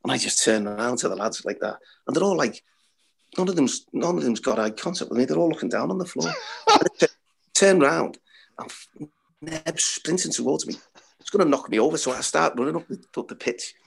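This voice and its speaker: Middle-aged ex-footballer, husky voice, blunt and laughing anecdotal guest. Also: male voice, medium pitch, animated, quick pace. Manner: blunt, swearing, laughs at own stories. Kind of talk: anecdotal storytelling.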